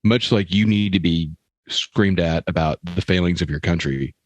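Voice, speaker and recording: A man co-hosting a comedy podcast, asking wry questions in a halting way with frequent restarts. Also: low-pitched, no room sound. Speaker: podcast co-host. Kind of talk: casual comedic chat.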